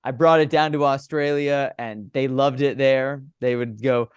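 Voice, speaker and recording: A young man, a baseball broadcaster, telling stories in a casual podcast interview and breaking into big, animated play calls. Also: unhurried, smooth, no echo. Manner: animated, acts out his home run calls with big pitch jumps.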